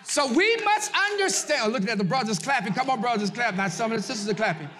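A middle-aged man preaching a sermon, exhorting the congregation and swinging from shouted peaks to low asides. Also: expressive, fast talker, slight background noise. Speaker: pastor.

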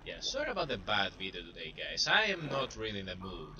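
Talking fast with wildly swooping pitch, a young man with a lowish voice rambles through casual gameplay commentary, putting himself down and taunting enemies. The audio is dull, recorded on a cheap desktop mic from a distance with clear background noise.

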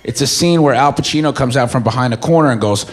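A young man doing stand-up on stage, telling a story with lots of swearing and swinging between loud bursts and mumbles. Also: mid-range voice, fast talker, faint music behind. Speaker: stand-up comedian. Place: comedy stage before a live audience. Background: faint audience laughter.

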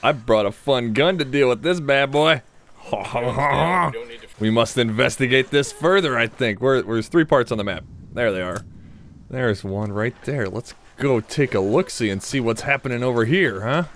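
A man's voice: medium pitch, unhurried, a bit bright, a little hiss or hum. A man giving joking, mock-dramatic commentary while playing a shooter game, taunting his enemies. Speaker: gaming video creator. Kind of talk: playful gameplay commentary.

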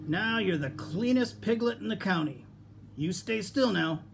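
A man voicing a hungry, greedy male fox in a slow, drawn-out, gloating storybook voice. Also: high voice, animated, gravelly, noisy background, voice pushed up, heavily acted.

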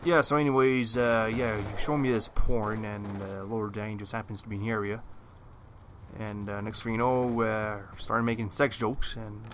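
A man from Canada, voice on the low side and steady, a bit bright, at normal speed, rambles casually through gameplay commentary. His storytelling is loose, heavy on swearing and fillers like "uh" and "like," with game gunfire behind him.

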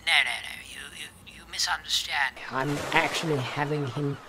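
A man's voice: a little high, steady tone, normal speed, background noise, close to an everyday voice. A man playing a posh cantankerous T-Rex aristocrat. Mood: posh, teasing. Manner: plummy upper-class banter. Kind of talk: comedy phone call skit.

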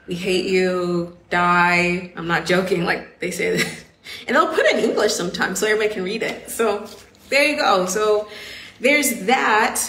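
A woman's voice: medium pitch, a bit bright, reverberant, slight background noise. A woman from the American South with a Southern accent, hosting a casual live-stream chat in a candid, talkative way. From Southern US, Atlanta. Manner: chatty, candid, frequent "like" fillers. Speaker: host.

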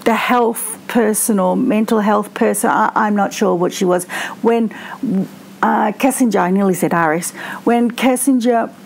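A woman giving casual, reflective commentary on a case, talking slowly with frequent restarts. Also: medium pitch, gravelly, darkish tone, slight background noise, poor audio. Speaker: true crime commentator.

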